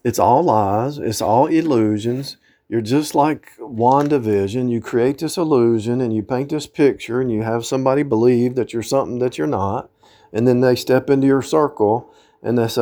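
A man's voice: medium pitch, normal speed, warm tone. A man giving an informal sermon, quoting scripture in old-fashioned wording and scolding his listeners, with emphatic outbursts. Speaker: preacher.

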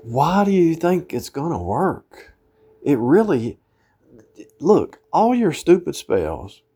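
A man preaches an informal sermon in a mellow, dark-toned voice, quoting scripture in old-fashioned phrasing. He turns to scolding his listeners, with sudden emphatic outbursts. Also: medium pitch, husky.

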